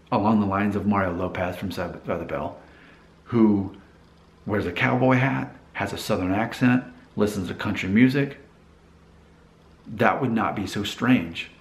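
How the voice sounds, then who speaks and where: A man's voice: fairly low pitch, reverberant. A man in casual vlog talk, rambling a little, with restarts and asides. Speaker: vlogger. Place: Nashville.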